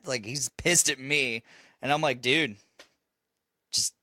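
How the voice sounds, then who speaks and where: A man's voice: mid-range voice, a little slow, bright, forceful tone, no room sound. A man telling a parenting story on a casual podcast, swearing and laughing as he goes. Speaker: podcast host; father.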